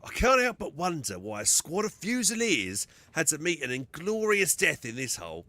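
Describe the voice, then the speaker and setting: A man doing a gruff cynical soldier. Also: on the high side, huge pitch swings, normal speed, sharp tone, dry recording, voice pushed up, full character voice. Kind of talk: reading game dialogue aloud in voices.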